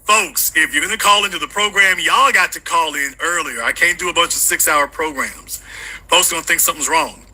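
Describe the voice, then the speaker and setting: A man hosting a call-in livestream show, chatting casually with loud, teasing, comedic rants. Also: fairly high pitch, brisk, low-quality recording. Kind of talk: casual live-stream chat.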